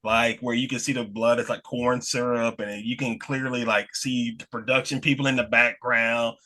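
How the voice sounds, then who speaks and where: A man's voice: mid-range voice, little pitch movement, normal speed, bright, forceful tone. A man from Alabama with a Southern American accent, chatting casually as a podcast guest and rambling with many restarts. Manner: rambling, with frequent restarts and laughs. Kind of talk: casual chat.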